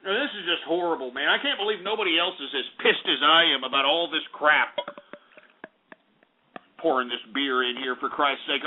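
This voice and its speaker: A man's voice: fairly high pitch, normal speed. A man hosting a call-in radio show, ranting angrily and cursing as he takes calls. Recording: narrow phone-like lo-fi radio.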